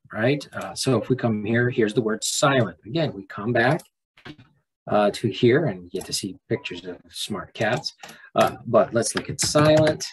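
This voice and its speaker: A man teacher talking students through a screen-recorded lesson in a relaxed, folksy way with frequent restarts. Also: mid-range voice, slight background noise, rough recording.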